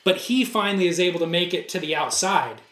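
A man with a high voice, chatting casually on a podcast. He tells stories with animation and acts out the other people's lines. The sound bounces around a roomy space. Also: quick pace. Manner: animated storyteller, acts out dialogue. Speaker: co-host telling a story. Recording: roomy echo.

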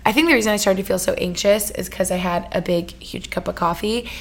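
A woman's voice: medium pitch, brisk, vocal fry. Gushing, chatty young woman podcaster. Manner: gushing, chatty, heavy "like" filler, tangents. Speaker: podcast host. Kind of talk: casual solo podcast chat.

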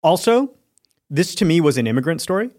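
A man who moved to America, a podcast guest talking casually in a halting, thoughtful way. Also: a little high, sing-song, darkish tone. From abroad, immigrated to America. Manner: halting, thoughtful, restarts phrases. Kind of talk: casual chat.

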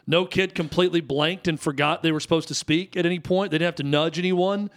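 A man's voice: a little high, steady tone, quick pace. A man in his thirties co-hosting a radio talk show, telling stories in a chatty, rambling way. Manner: chatty storyteller, frequent restarts and fillers. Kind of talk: casual sports radio chat.

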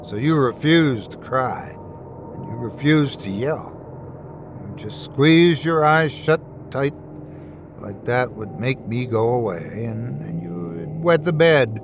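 A man's voice: medium pitch, lively intonation, slow pace, gravelly, noisy background. A man voicing a sinister, ageless male boogeyman who taunts with mocking glee. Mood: taunting. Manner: mocking, relishing cruelty.

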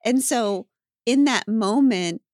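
Podcast host lady, kinda high voice, thoughtful, working through ideas out loud. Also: takes it slowly, dry recording, clean studio sound. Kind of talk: reflective conversation.

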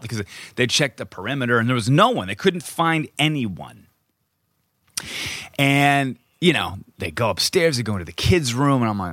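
A man's voice: mid-range voice, animated, normal speed, a bit bright, dry recording, studio quality. A middle-aged man, a podcast co-host, telling a story in casual chat, acting out quotes and swearing freely.

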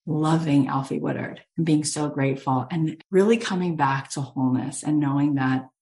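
Low-voiced woman telling an inspiring story. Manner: animated storytelling, acting out quotes. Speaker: host and coach.

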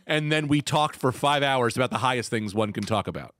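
A man in his thirties hosting a podcast, telling stories in an animated, laughing way and swearing freely. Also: medium pitch, a little fast, slight background noise. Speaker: podcast host. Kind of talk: casual chat.

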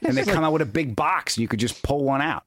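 A man's voice: medium pitch, lively intonation, fast talker, fairly bright tone, dry recording, studio quality. Storytelling male podcast host. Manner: storytelling, laughing, repeats words as he restarts. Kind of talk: casual chat.

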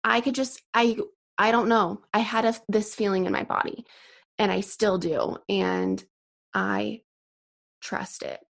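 A woman's voice: medium pitch, fairly even intonation, measured pace, creaky. A young woman hosting a solo podcast, chatty with many fillers and sighs, a bit out of breath. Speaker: podcast host.

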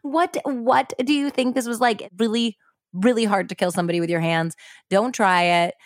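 A woman's voice: fairly high pitch, fairly quick, no echo, clean studio sound. A woman hosting a podcast, telling a true-crime story in a casual, chatty way, full of "like" and blunt swearing. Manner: chatty, frequent "like", blunt and profane. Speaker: podcast host.

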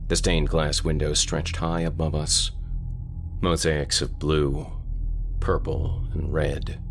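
Male horror-podcast narrator, very low and gravelly, slow and ominous. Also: a bit bright, slight background noise.

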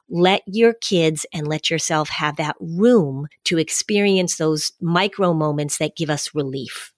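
A woman speaking as an expert guest on a podcast, giving measured advice and repeating key phrases to explain them. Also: fairly low pitch, no room sound, clean studio sound.

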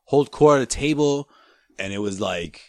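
A man's voice: medium pitch, animated, moderate pace, a little mellow, dry recording. A man co-hosting a podcast, telling rambling stories and acting out quotes in a casual chat. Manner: rambling storyteller, laughs often, acts out quotes. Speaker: podcast co-host.

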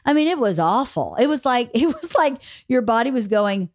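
A woman's voice: a little high, moderate pace, no room sound, clean studio sound. A woman hosting a podcast, chatting casually and telling stories with candid, blunt swearing. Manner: candid, swears freely, animated storytelling. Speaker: podcast host. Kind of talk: casual chat.

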